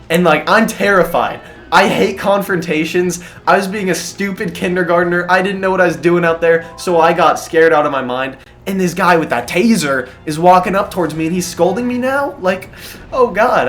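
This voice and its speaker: A man with a slightly high voice tells a personal story in an animated, self-mocking way, swearing as he goes. Soft music plays faintly underneath him. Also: normal speed.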